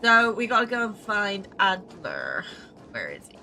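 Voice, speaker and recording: Bright, chatty woman gaming. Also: medium pitch, huge pitch swings, a little slow, vocal fry, a little hiss or hum. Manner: chatty, apologetic, swears casually. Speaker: gaming youtuber. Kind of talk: let's play commentary. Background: game music.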